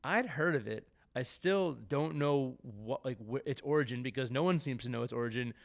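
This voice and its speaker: Podcast host, New man, mid-pitched, animated and jokey, trips over his words. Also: normal speed, gravelly. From New Jersey. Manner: animated, stumbling restarts, joking. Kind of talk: casual chat.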